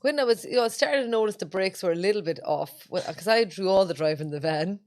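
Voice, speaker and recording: A woman co-hosting a podcast, telling a rambling story in casual chat, halting and restarting. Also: mid-range voice, a little mellow. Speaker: podcast co-host.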